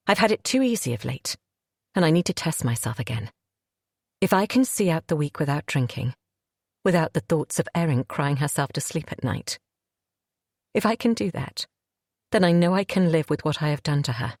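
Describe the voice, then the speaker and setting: A woman narrates a thriller in a low, husky voice, her first-person telling tense and haunted. The studio sound is close and completely dry. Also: animated, moderate pace, pauses often, a little mellow, dry recording. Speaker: audiobook narrator.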